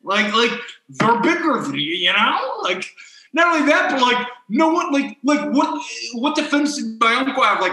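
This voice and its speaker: A man's voice: very high voice, expressive, moderate pace, bright, forceful tone, reverberant, low-quality recording. A young man hosting a podcast, telling a story in a rambling way full of "like" and acted-out quotes. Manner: rambling, heavy on "like", acts out quoted people. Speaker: podcast host. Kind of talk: casual storytelling chat.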